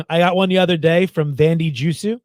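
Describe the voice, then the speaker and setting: A man's voice: fairly high pitch, steady tone, brisk, a little mellow, dry recording, clean studio sound. A man co-hosting a casual comedy podcast, telling sarcastic stories, swearing freely and acting out the people he quotes. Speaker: podcast co-host.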